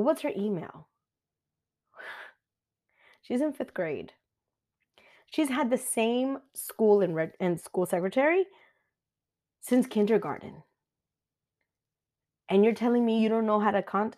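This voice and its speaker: A woman in her thirties, a mother, giving a casual chatty life update and telling stories with quick quoted asides. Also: mid-range voice, lively intonation, darkish tone. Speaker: vlogger.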